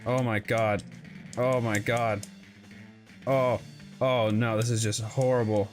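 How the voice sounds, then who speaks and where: A man's voice: medium pitch, little pitch movement, slow pace, faint music behind. A man commentating his own video game play, exclaiming often and apologizing for how badly he plays. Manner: exclaiming, self-deprecating, apologetic. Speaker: gaming video host.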